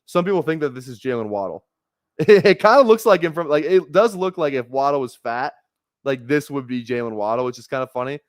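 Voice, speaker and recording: A man's voice: mid-range voice, expressive, a little fast, dry recording, clean studio sound. A man casually rambling on a live stream while drafting fantasy football, talking loosely with filler words and the odd curse. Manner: laid-back rambling with frequent laughs and swearing.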